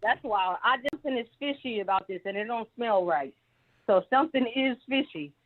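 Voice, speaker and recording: A woman calls in to a live talk show and rambles through her opinions. She sounds fairly high-pitched, and her voice comes through a thin, tinny phone line. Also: lively intonation, normal speed. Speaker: caller. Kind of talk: call-in opinion.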